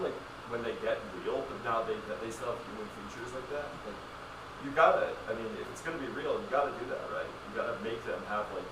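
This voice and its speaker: A man's voice: mid-range voice, brisk. A young man chatting on a casual livestream, ranting sarcastically with lots of swearing. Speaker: streamer, drummer. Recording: roomy, distant, noisy room.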